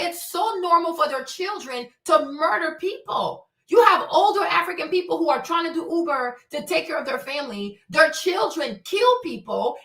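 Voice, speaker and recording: A woman's voice: high voice, pushed and bright. A woman hosting a livestream, ranting in heated, profane, emphatic commentary. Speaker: livestream host. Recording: echoey room, distant mic.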